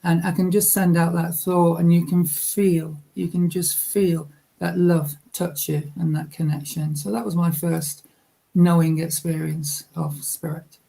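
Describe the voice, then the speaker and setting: A woman's voice: lowish voice, flat delivery, a little slow, creaky, mellow. A woman, a guest psychic medium, recounting a personal memory in a heartfelt, reflective way on a radio interview. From England.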